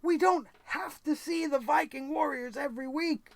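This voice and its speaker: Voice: high voice, normal speed, vocal fry, no room sound. A wrestling show host giving an exasperated, sarcastic recap rant, swearing freely and firing off incredulous questions. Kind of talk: ranting wrestling recap commentary.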